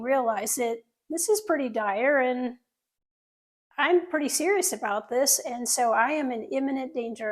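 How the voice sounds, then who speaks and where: Surgeon, female, middle-aged; high voice, earnest first-person storytelling with audience asides. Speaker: plastic surgeon telling her story.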